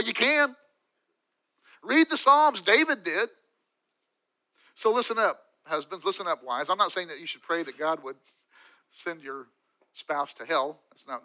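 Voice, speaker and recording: A man delivering a sermon with a high, strikingly bright voice. He preaches emphatically, rising to loud peaks and dropping to soft, hushed asides. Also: low-quality recording. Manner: emphatic preaching with sudden drops to quiet asides. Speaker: pastor.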